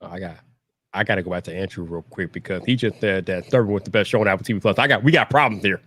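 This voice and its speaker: A man hosting a livestream, chatting casually with guests over a video call, animated and teasing, often laughing. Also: low voice, very fast. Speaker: livestream host. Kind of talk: casual chat.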